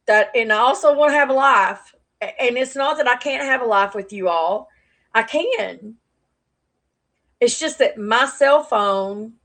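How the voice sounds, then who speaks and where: Animated woman live streamer, a touch high-pitched, rambly and chatty with viewers. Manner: animated, rambling with many fillers. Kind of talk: casual livestream chat to viewers. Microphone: plugged-in external mic on phone stream.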